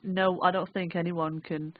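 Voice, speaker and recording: A woman's voice: lowish voice, level tone, measured pace, dry recording. Young northern english woman rambling on, swears loads, tinny dry phone audio. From England. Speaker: vlogger. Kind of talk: casual first-person recollection.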